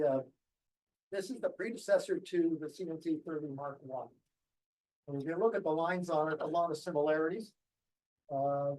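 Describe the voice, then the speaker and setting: A man tells a club its history in a loose, anecdotal way, full of ums and restarts. His voice sits a little high for a man. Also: a little mellow, low-quality recording. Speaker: guest speaker. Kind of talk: club presentation talk.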